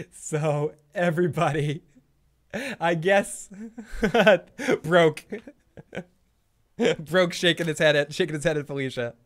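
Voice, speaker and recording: A man's voice: fairly high pitch, slow, long pauses, fairly bright tone. A man hosting a casual livestream chat, rambling and laughing often between remarks. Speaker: host.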